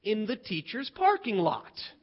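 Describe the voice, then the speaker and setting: A man voicing an earnest schoolboy who lays out a secret plan in a hushed, slow, conspiratorial way. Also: high voice, huge pitch swings, exaggerated voice. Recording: dull lo-fi recording.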